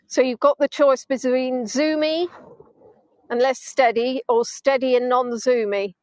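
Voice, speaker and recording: Her voice bright, high and steady, a woman narrates a live virtual tour from a beach at sunset at a measured pace, shooting on a phone mounted on a gimbal. The chatty commentary is a cheerful ramble full of playful self-mockery, and the sound is close and dry, free of room echo.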